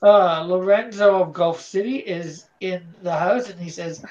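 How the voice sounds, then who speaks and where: Man, stream host, relaxed chat, reads viewer comments, dull lo-fi audio. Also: sits high, a little slow. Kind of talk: casual chat.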